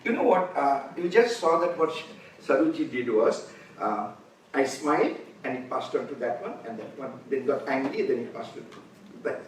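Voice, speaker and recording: A man of about seventy with an Indian English accent, giving an unhurried conference lecture and pausing often to gather his thoughts. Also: medium pitch, very animated. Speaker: conference speaker. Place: large conference hall. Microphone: distant room mic. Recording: very echoey hall, voice far from mic, faint noise.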